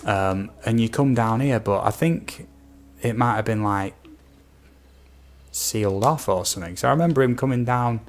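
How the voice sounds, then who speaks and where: A young man from the United Kingdom chats on a game stream in a mid-range voice at normal speed. The gaming streamer's casual talk rambles as he reads out viewer comments, peppered with ums and asides.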